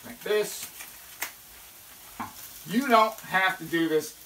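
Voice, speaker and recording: At a kitchen stove, a cooking show host gives a casual, folksy demo, often checking in with "okay?" and letting out sudden whoops. The voice is medium-pitched, slow and sharp, picked up by a distant mic in an echoey kitchen with sizzling pans and slight background noise.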